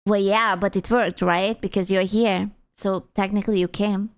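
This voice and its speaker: A woman's voice: mid-range voice, fairly even intonation, moderate pace, smooth. A young adult woman streamer chatting casually and crudely with her chat, teasing and playful. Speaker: VTuber streamer.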